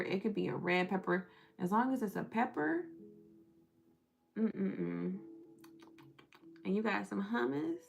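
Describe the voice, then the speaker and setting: A woman's voice: mid-range voice, vocal fry. A young woman with a Southern US accent, tired, chatting on a live stream, reading the chat aloud and laughing often.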